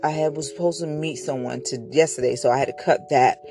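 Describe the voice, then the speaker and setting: A woman's voice: very deep voice, steady tone, a little fast, over music. A woman hosting her own podcast, telling a personal story in a chatty, rambling way with many fillers and frequent mentions of God. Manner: devout, often mentioning God. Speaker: podcast host. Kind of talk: casual storytelling monologue.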